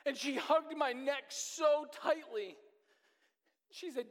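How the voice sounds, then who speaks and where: A pastor preaching a sermon, telling a personal story in earnest, with his pace speeding up and slowing down. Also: very high voice. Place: church sanctuary. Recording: long reverb of a church hall.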